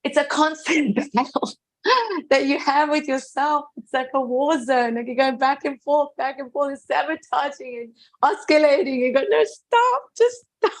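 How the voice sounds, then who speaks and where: A woman telling a heartfelt personal story in an earnest, emotional way. She repeats phrases, laughs softly, and often drops to a hushed voice. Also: high voice, fairly even intonation, normal speed.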